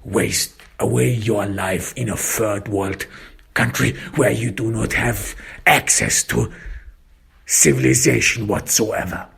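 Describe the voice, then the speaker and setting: A man narrating a first-person detective story, slow, halting and reflective. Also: lowish voice, steady tone, vocal fry, fairly bright tone, slightly rough.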